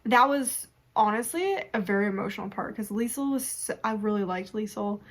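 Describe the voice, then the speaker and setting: Brisk and medium-pitched, a young adult woman reviews a book in a casual, chatty way. She's animated, laughs frequently, and acts out her own responses.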